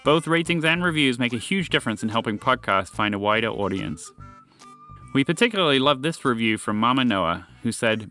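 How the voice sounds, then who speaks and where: A man hosting a story podcast, reading scripted storytelling narration in a friendly, expressive way. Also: mid-range voice, a little fast, soft background music.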